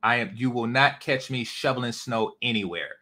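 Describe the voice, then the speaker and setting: Blunt, bright-voiced male stream host. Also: medium pitch, moderate pace. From California. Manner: blunt, profane, rambling rants. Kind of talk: casual livestream commentary.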